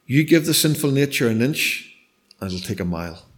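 A middle-aged man preaching a sermon, telling a story in turns that range from emphatic to hushed and nearly whispered. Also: medium pitch, expressive, normal speed. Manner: storytelling, shifts between loud emphasis and hushed near-whispers.

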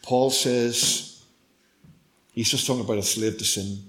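A middle-aged man preaching a sermon, telling a story in turns that range from emphatic to hushed and nearly whispered. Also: mid-range voice, steady tone, unhurried. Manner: storytelling, shifts between loud emphasis and hushed near-whispers.

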